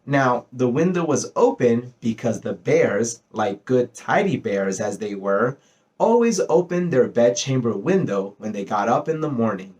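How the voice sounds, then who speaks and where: Brief: male storyteller, lively up-and-down delivery, bedtime reading voice. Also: mid-range voice. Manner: expressive, rises and slows for effect.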